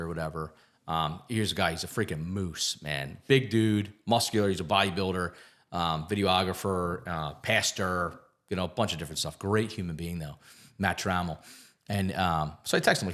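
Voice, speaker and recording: A low-pitched man speaks as a guest on a podcast. His delivery is loose and conversational, full of filler words and casual cursing as he tells personal stories. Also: a little fast, fairly bright tone. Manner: candid storytelling, many "like" fillers, casual swearing.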